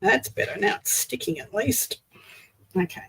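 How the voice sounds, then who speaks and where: An Australian woman hosts a casual crafting livestream, chatting with viewers while she glues and assembles a project. Her mid-range voice is expressive and a bit bright with a breathy edge, at a normal speed, and the recording quality is low.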